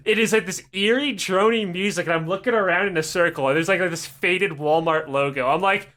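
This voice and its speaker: A man co-hosting a podcast, telling a rambling, profane, animated anecdote in casual chat. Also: high-pitched, fairly quick. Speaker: podcast co-host. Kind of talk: casual comedic storytelling.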